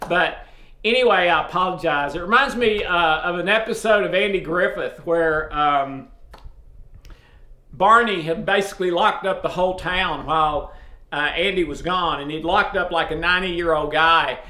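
A man from East Tennessee with a strong Southern accent, casually and loudly addressing viewers as host of a faith video series. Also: sits high, moderate pace. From East Tennessee, USA. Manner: loud, speaks up forcefully. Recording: roomy echo.

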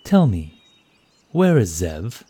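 A man's voice: lowish voice, big pitch swings, takes it slowly, mellow, slightly rough, heavily acted. A man voicing a stern, unbending male warden in an audiobook, giving firm commands.

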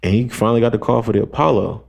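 A man's voice: fairly low pitch, rapid-fire, vocal fry. Slangy young man telling a story. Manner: animated storyteller, acts out quotes, heavy slang and fillers. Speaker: podcast co-host. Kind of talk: casual podcast chat.

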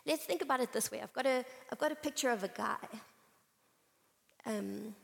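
A woman's voice: on the high side, animated, moderate pace, vocal fry. Woman preaching in a reverberant hall. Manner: conversational, storytelling with playful asides. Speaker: conference speaker. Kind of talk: sermon with Bible reading. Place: conference hall.

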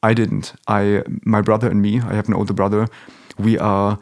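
A man's voice: on the low side, level tone, moderate pace, gravelly, darkish tone. A young man born in Germany, talking as an interview guest in a casual, hesitant way, often restarting and searching for words.

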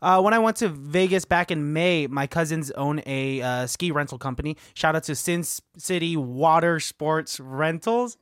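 A man co-hosting a casual podcast, excitedly retelling movie scenes and his own trips. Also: on the high side, moderate pace, hardly any pauses, clean tone, no echo, studio quality. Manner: excitable, animated retelling with laughs. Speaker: podcast co-host. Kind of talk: casual chat about a movie.

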